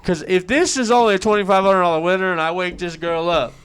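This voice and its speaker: Man, casual storytelling, cussing, animated, clear smooth voice. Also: high voice, fast. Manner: profane, animated, acts out quotes. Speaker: lottery winner guest.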